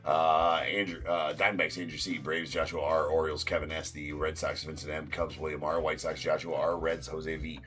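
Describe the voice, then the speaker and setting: A man's voice: rumbling low, flat delivery, moderate pace, hardly any pauses, fairly bright tone, soft background music. A man hosting a live-stream card break, talking loosely and casually, swearing and then jokingly apologizing. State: sore tooth.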